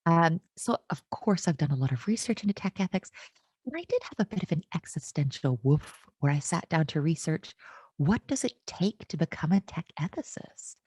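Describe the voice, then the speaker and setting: Low-voiced american woman doing a keynote, dry jokey delivery, pitch all over the place. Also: normal speed, breathy edge, no echo. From United States. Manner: wry, self-mocking humor with lively swings in delivery. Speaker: conference keynote speaker. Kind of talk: conference keynote talk.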